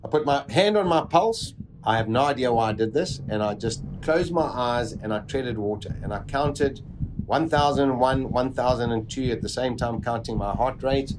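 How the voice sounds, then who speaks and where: A man vividly recounting a personal survival story, with dramatic pauses. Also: medium pitch, background noise.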